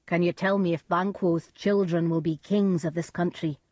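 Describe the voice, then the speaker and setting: A woman's voice: lowish voice, steady tone, moderate pace, darkish tone, no echo, studio quality, natural voice. A woman voicing a tormented, haunted king who cries out frantically, in a storybook reading. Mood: agitated. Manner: frantic, crying out.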